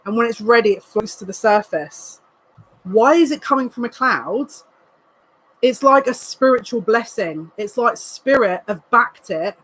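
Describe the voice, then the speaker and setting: Speaking in a fairly high pitch through a low-quality recording, a woman psychic reads cards live for viewers. She's emotional and excitable, tossing in quick asides throughout.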